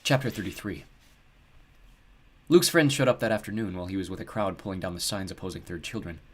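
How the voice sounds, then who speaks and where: A man narrating an audiobook in a steady, measured storytelling voice. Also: sits low, slightly rough.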